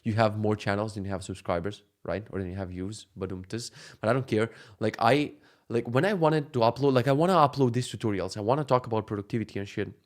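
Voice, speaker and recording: A man's voice: fairly low pitch, fast. A young man chatting casually in a rambling, profane, joking vlog, with a sore throat. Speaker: vlogger. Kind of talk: casual chat.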